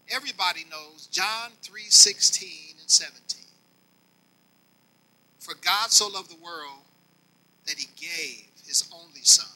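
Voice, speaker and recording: A man preaching to his congregation as their longtime bishop, swinging between quiet and loud and speaking to them directly. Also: sits high, rough recording. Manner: folksy, talks directly to the congregation. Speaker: pastor. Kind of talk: sermon.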